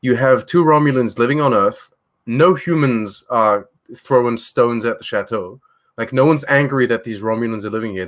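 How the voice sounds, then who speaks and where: A man co-hosting a relaxed live stream, talking in a loose, teasing way and filling his sentences with "like" and "you know". His pitch sits in the middle range. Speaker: co-host. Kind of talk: casual live-stream chat.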